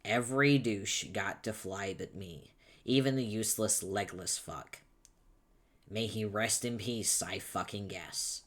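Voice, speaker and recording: A man voicing an angry, foul-mouthed young male troll, shouting insults impatiently, reading a webcomic aloud. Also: fairly low pitch, measured pace. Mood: ranting.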